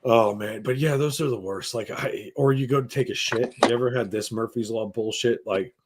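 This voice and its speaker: Profane, animated man telling crude stories. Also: mid-range voice, normal speed, noisy background. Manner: profane, animated, acts out quoted voices. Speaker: podcast co-host. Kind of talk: crude casual storytelling.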